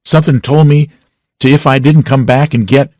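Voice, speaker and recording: Brief: man voicing a panicked, weepy accused townsman in an audiobook, pitched up, pleading. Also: fairly even intonation, moderate pace, a little mellow, no room sound, clean studio sound, natural voice. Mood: pleading, despairing. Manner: pleading, tearful. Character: terrified pitiful accused townsman, broken.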